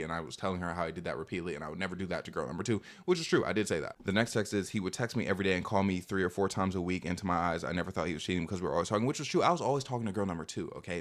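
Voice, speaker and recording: A young man vlogging, telling a rambling, defensive storytime full of filler words. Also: sits low. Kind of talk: casual storytime monologue.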